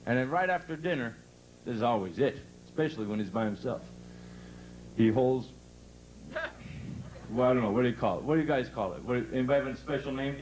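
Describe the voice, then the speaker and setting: A man's voice: mid-range voice, fairly quick, pauses often, darkish tone, slight background noise, rough recording. A man doing stand-up for a live crowd, telling folksy dirty jokes and laughing at his own punchlines. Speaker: stand-up comedian.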